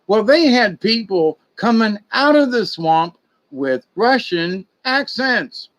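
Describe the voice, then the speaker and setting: A man's voice: high voice, animated, takes it slowly. A man telling rambling, folksy stories in a casual monologue, digressing often and sounding conspiratorial. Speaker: spiritual talk host.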